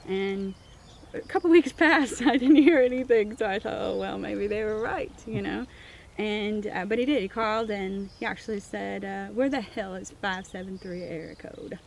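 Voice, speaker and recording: A woman's voice: medium pitch, moderate pace, creaky, a little mellow, slight background noise. A woman from Missouri, a winemaker, telling her story in an interview and acting out the dialogue she quotes. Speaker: winemaker, guest.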